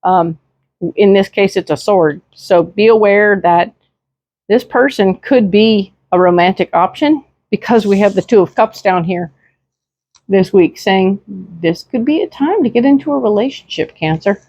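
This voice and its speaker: A woman's voice: medium pitch, a little slow, darkish tone, dry recording. Chatty woman giving a tarot reading. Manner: chatty, reassuring, many fillers and tag questions. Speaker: tarot reader. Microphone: desk microphone.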